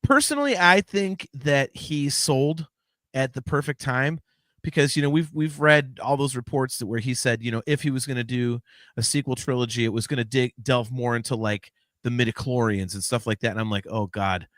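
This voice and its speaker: A man hosting a podcast in casual chat, rambling with many restarts and lively swings in delivery. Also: mid-range voice, moderate pace, no echo, studio quality. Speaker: podcast host.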